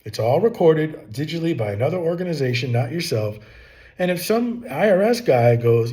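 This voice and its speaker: A man's voice: fairly high pitch, expressive, normal speed, mellow. A middle-aged man hosting a business channel, giving plainspoken casual advice with repetitive, emphatic asides.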